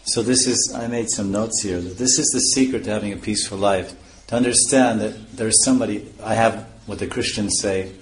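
Male spiritual teacher, low voice, explanatory lecture delivery with light chuckles; faint ambience and birds behind. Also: steady tone, brisk, a little hiss or hum. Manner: explanatory, chuckles at his own points. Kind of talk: scripture lecture.

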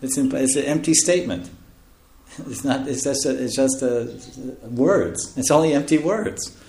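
A man preaches a sermon, speaking in a loose, conversational style. He laughs often and drops into soft, quiet asides. His voice sits at a middle pitch and carries through an echoey room. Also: lively intonation, unhurried. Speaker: spiritual teacher.

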